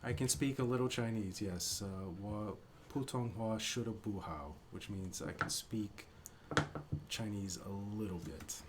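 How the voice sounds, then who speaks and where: A man's voice: fairly low pitch, unhurried, background noise. Hesitant male guest on a live stream. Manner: hesitant, shy, many "uh" fillers. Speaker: guest, math teacher. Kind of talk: casual chat on a live stream.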